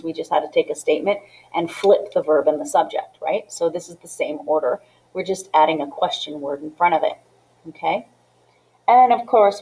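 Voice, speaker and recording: A woman's voice: sits low, creaky, a little mellow, rough recording. Patient woman teaching a lesson. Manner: patient, checks in often with "okay?" and "right?"; mixes English with Spanish phrases. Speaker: Spanish teacher. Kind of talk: classroom lesson walkthrough.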